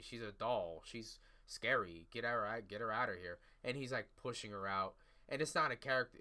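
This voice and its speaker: A man's voice: medium pitch, sharp tone. A man hosting a podcast in a casual solo commentary, talking in a crude, rambling, blunt way. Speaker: podcast host.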